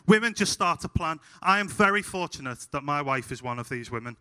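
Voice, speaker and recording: A young man with a Scouse accent from Liverpool, preaching a sermon told through funny, animated stories. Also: sits high, fairly quick, hardly any pauses. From Liverpool, England. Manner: humorous, animated anecdotes. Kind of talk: sermon with storytelling. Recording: hall reverb.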